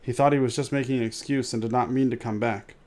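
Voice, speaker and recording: Man, storybook reading, steady measured narration, mid-pitched voice. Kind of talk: reading a book aloud.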